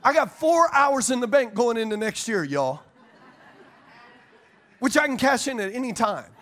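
A male pastor preaching a sermon to a congregation, telling animated, joking stories and laughing often. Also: very high-pitched, normal speed. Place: church service before a congregation.

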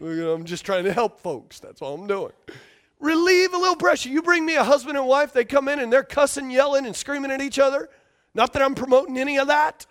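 A man's voice: very high-pitched, animated, normal speed, fairly bright tone. A man preaching a sermon as a pastor, emphatic and repetitive, often asking the congregation for responses.

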